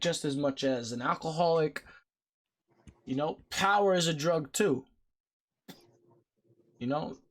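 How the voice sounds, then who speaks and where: A man's voice: on the high side, a bit bright. A man hosting a podcast discussion, talking bluntly and heatedly, with frequent swearing. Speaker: podcast host. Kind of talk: casual discussion.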